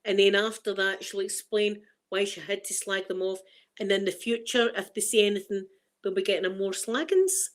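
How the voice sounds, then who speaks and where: A middle-aged Glaswegian woman talks casually to her viewers. She rambles cheerfully and laughs often. Her voice is wearing thin and turning hoarse. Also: mid-range voice, moderate pace, low-quality recording. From Scotland. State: voice going hoarse. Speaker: vlogger.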